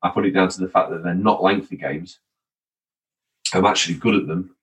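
A man hosts a relaxed podcast, talking in a chatty, wry way and reading listener messages aloud. His voice sits a little on the low side. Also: a little fast, rough recording. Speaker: podcast host.

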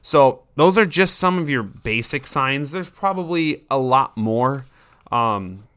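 Bright-voiced man explaining casually. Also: mid-range voice, clean tone, dry recording. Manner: conversational, explains with everyday examples and asides.

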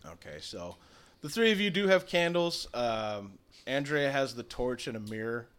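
Easygoing dude narrating the game as gm, lots of uh and um. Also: male voice, medium pitch, animated, normal speed, fairly bright tone, smooth. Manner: casual, rambling with fillers. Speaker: game master.

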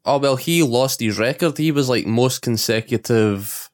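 A man co-hosting a podcast, telling stories in an animated way and swearing freely. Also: medium pitch, a little slow. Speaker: podcast co-host. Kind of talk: casual chat.

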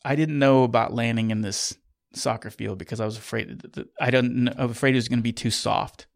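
Middle-aged male pilot, casual rambling storyteller, dry close sound, mid pitch. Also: steady tone, quick pace, vocal fry, no echo. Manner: rambling, self-correcting anecdote telling. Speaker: military pilot and officer.

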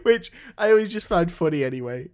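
A man's voice: high-pitched, lively intonation, a little fast, darkish tone. Laughing young podcast man. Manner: laughs often, acts out movie lines. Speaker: podcast co-host. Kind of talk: casual chat.

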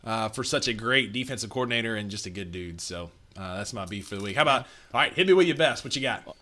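A man's voice: lowish voice, lively intonation, fast talker, pushed and bright. A man, co-hosting a podcast in easygoing casual banter. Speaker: podcast co-host. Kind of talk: casual chat.

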